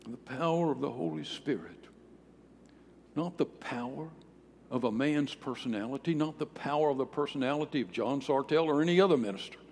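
A man's voice: brisk, vocal fry, darkish tone, slight background noise. Man preaching with emphatic swings. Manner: emphatic, with swings in volume and pitch. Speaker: pastor. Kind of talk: sermon. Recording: long reverb of a large hall.

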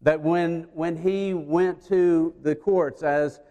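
A man preaching a sermon, retelling a story and acting out the voices, swinging between loud and hushed. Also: a little high, steady tone, slow pace. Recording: long hall reverb.

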